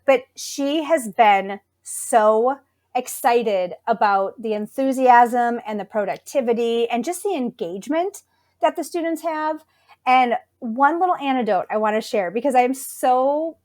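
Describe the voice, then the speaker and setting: Librarian woman, kinda high voice, chatty and thoughtful, eager to share. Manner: thoughtful, enthusiastic storytelling. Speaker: school librarian, podcast guest. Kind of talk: conversational interview.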